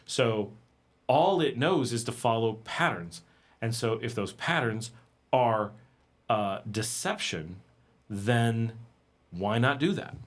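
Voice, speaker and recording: A man hosting a casual livestream, talking in a conversational, animated way and acting out exasperated quotes. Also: medium pitch, slow, pauses often. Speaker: livestream host. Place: home in Nicaragua.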